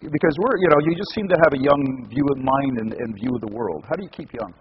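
A man interviewing a guest, asking chatty questions with halting restarts. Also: medium pitch, expressive, long reverb tail, muffled recording.

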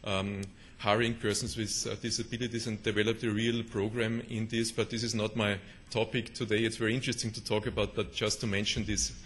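A man's voice: fairly low pitch, flat delivery, brisk, fairly bright tone. A middle-aged man with a German accent giving a conference presentation, hesitant with many fillers and restarts. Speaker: conference speaker.

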